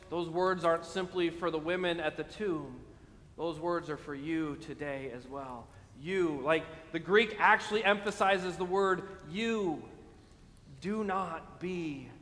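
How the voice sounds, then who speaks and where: High-voiced preaching man in a reverberant hall. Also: a bit bright. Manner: emphatic preaching with slow stressed phrases and frequent "right?". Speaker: pastor. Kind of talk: sermon.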